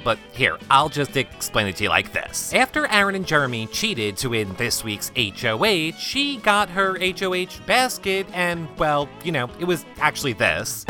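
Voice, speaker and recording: A snarky male host with a bright, sharp voice that swings widely in pitch. He mocks freely as he delivers a comedic recap. Faint music plays underneath. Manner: snarky, mocking.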